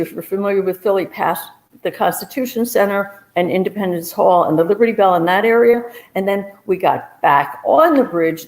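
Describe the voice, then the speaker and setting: A woman telling a true first-person story on a live stage, with a brisk, animated and self-mocking way of talking. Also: mid-range voice. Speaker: storyteller, investigator.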